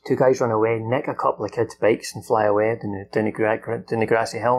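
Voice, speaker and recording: Gravelly man excitedly recapping a film. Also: fairly low pitch, quick pace, hardly any pauses. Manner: animated, swears often, acts out characters' lines. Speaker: film reviewer. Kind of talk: unscripted plot recap.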